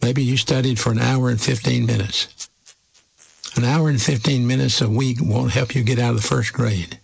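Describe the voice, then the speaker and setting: A man preaching a sermon as a pastor from the United States, slow and emphatic with measured pauses. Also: medium pitch, steady tone, vocal fry, low-quality recording.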